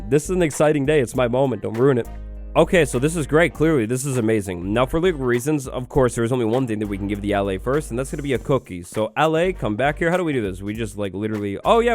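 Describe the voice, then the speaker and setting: An excitable, upbeat man hosting a gaming video, giving gameplay commentary and chatting to the creature on screen. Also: medium pitch.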